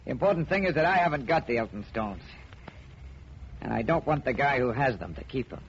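A man playing a beaten-up card sharp who stammers and pleads in slangy talk, in 1940s radio acting. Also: medium pitch, lively intonation, a little fast, a little hiss or hum, close to an everyday voice. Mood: pleading. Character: battered male card sharp, nervous and pleading. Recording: muffled old radio broadcast.

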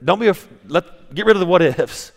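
A man's voice: high voice, lively intonation, moderate pace, gravelly. A male pastor preaching a sermon, telling stories in a conversational way with frequent restarts. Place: church sanctuary. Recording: long reverb of a church hall.

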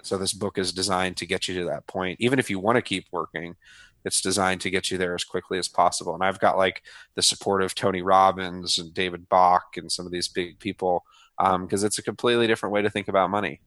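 Upbeat guy in his thirties, low voice. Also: flat delivery, fast talker, a bit bright, no echo. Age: 30s. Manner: enthusiastic, says "man" and "dude" often. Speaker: guest author. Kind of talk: casual podcast interview.

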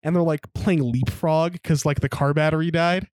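Young male co-host, slightly high voice, rambling and profane, dry close sound. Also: fairly even intonation, moderate pace, a little mellow, no echo. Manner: rambling, profane, laughs while telling stories. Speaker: podcast co-host. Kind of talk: casual chat.

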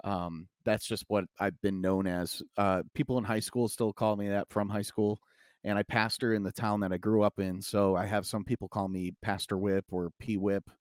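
A man with a fairly low voice talks casually as a pastor on a podcast. He keeps things playful and tells jokes like a storyteller. The sound is close and dry, with no room echo. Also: little pitch movement, normal speed, a little mellow. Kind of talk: casual chat.

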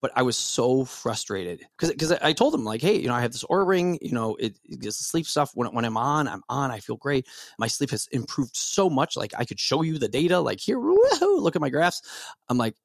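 A man in his forties with a medium-pitched voice chats as a podcast guest. He rambles and restarts his sentences often. The recording is dry and close. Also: animated, brisk, creaky, dry recording. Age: 40s. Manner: rambling, many restarts and fillers. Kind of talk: casual podcast conversation.

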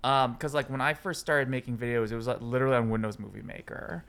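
A man with a mid-pitched voice talking casually on a podcast. He hesitates often, leans on fillers, and pokes fun at himself. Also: steady tone, fast, gravelly, a bit bright, clear, resonant tone. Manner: hesitant, lots of fillers, self-deprecating. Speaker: video creator, podcast co-host. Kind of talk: casual chat.

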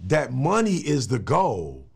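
A man's voice: medium pitch, huge pitch swings, takes it slowly, creaky, slightly rough. A middle-aged man, a motivational speaker and pastor, talking as a guest in an emphatic, slangy, preacher-like way. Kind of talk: casual interview talk.

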